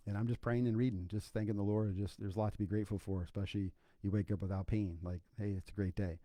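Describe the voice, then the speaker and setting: A man's voice: lowish voice, steady tone, quick pace, warm tone, no room sound. A middle-aged man hosting a faith podcast, telling a personal story in a casual, folksy way with lots of asides. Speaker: podcast host.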